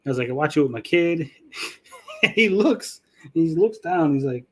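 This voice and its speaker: Profane, animated middle-aged man telling stories. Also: fairly high pitch, moderate pace, slightly rough. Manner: profane, animated storyteller acting out quotes. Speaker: podcast host. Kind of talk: casual storytelling chat.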